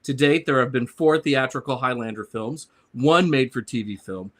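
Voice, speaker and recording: A man's voice: mid-range voice, moderate pace. Sarcastic man reading a comic rant. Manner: sarcastic, grumbling. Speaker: panelist. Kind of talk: reading a prepared comic review.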